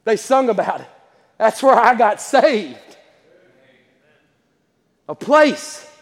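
High-pitched guy preaching hard in church, long echo trailing off the walls. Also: big pitch swings, slow, creaky. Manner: impassioned preaching, rising to shouts. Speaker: pastor. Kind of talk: sermon. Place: church sanctuary.

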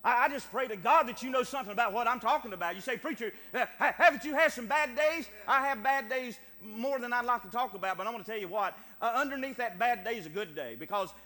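A middle-aged man preaching a fervent, animated sermon, piling up emphatic repeated phrases. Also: extremely high pitch, fast talker, hardly any pauses. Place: church sanctuary. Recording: long reverb of a church hall, faint hum.

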